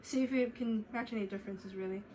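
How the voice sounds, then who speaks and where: A woman's voice: a little high, quick pace, dark tone, slight background noise, poor audio. A young woman casually commenting on a game she plays, rambling with many fillers. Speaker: let's play gamer.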